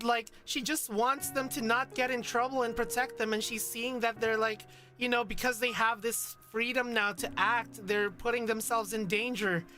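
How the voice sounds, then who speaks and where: Woman streamer, casual game commentary, emotional, exclaiming, rambling, bright voice. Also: on the high side.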